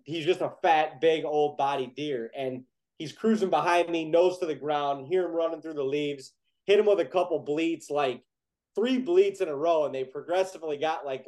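A young man telling a casual, animated story on a podcast, peppering his talk with "like". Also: on the high side, rough recording. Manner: animated, heavy use of "like", excited retelling.

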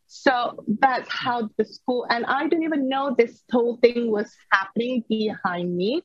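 Husky-voiced woman telling a heartfelt story. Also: fairly high pitch, measured pace, few pauses, dry recording. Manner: earnest, heartfelt recounting. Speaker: podcast guest. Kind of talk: personal storytelling in an interview. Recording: slightly dull lo-fi recording.

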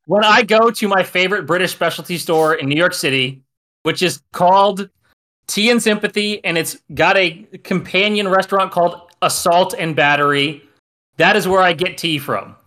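A man co-hosting a casual podcast, playful and animated. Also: high voice, moderate pace.

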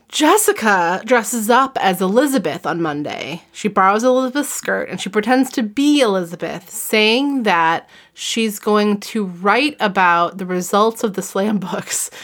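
A woman's voice: mid-range voice, lively intonation, unhurried. Laughing woman podcast host. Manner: laughs often while summarizing and reading aloud. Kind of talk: casual book-recap chat.

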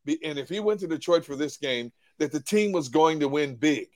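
A man with a somewhat high voice, analyzing a game on a post-game show. He talks in an animated way, repeats his words and acts out what others said. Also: fairly quick. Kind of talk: casual sports talk.

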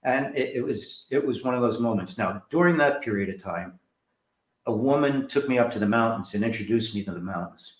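Speaking briskly in a mid-range voice, a man from New Jersey who writes books and directs films relates personal anecdotes during an interview. He animates each story by imitating the people involved, and the recording echoes.

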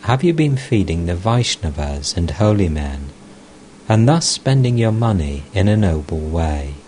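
A gentle elderly holy teacher, read by a man in an audiobook, speaking slowly and kindly. The voice sits very low and deep, with every word measured. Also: big pitch swings, a little hiss or hum. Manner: measured reading of dialogue.

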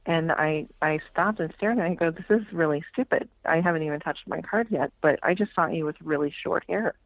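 A frank, plain-spoken woman tells stories as a guest on a radio talk show, swearing freely and slipping into the voices she quotes. Her voice sits at a middle pitch. It comes through a narrow, tinny band, like a phone line. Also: a little fast, no room sound. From United States. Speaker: tarot reader, guest. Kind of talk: casual storytelling interview.

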